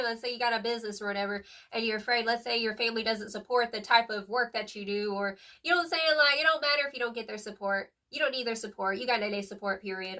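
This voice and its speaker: A young woman's high, bright voice runs through a casual tarot reading. She talks in an emphatic, slangy way, calls the listener "boo-boo," and punctuates her points with "period." She sits a little back from the mic. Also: recorded from a distance. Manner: chatty, emphatic, lots of "like" and "period". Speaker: tarot reader.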